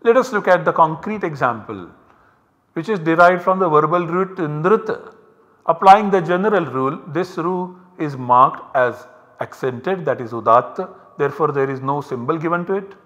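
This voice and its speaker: A man giving a university lecture, explaining step by step in a slow, methodical way. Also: on the high side, animated, a bit bright, big-room sound.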